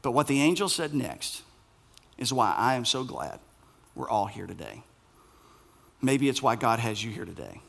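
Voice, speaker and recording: A man preaching a sermon as pastor, animated and playful, acting out the voices in the story. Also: mid-range voice, normal speed, gravelly, pauses often.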